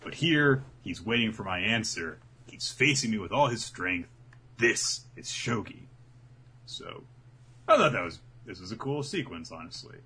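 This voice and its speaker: Low-voiced guy telling a story, bright tone, swings all over, bit of hiss behind him. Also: measured pace. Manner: animated storytelling, acts out characters' lines. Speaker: podcast co-host recapping an anime. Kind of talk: casual chat.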